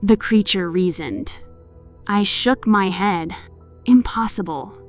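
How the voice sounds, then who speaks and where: A woman narrates a horror tale slowly in a medium-pitched voice, with music playing behind her. She brings emotion to the heroine, delivering her pleas with feeling.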